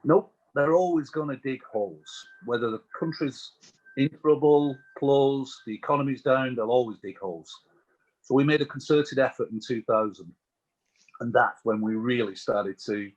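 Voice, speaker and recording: A British man, a business owner as interview guest, telling anecdotes in a chatty, animated way. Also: medium pitch, moderate pace, lo-fi sound.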